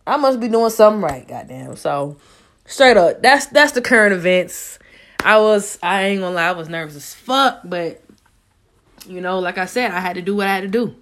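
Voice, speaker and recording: Young woman host, casual solo podcast, slangy and profane, a little low-pitched. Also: lively intonation, moderate pace, fairly bright tone. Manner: loose, profane, slangy storytelling.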